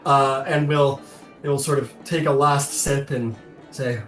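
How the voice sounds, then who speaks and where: A man's voice: mid-range voice, fairly even intonation, unhurried, fairly bright tone, reverberant, soft background music. A man running a tabletop game as game master, narrating in a loose, chatty way with frequent laughter.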